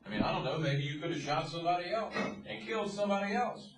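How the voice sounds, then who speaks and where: A man's voice: on the high side, fast talker, reverberant, far from the mic, a crowd in the background, rough recording. A man reporter asking probing, skeptical questions in an interview. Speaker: TV news reporter.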